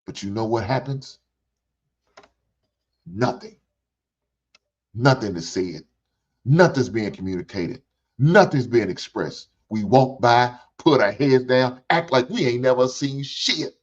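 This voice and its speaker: An older man rants on his reaction show, blunt and profane, preaching by repeating phrases. His medium-pitched voice is animated yet slow, and he pauses often. The ranting commentary comes through on a dull, lo-fi recording.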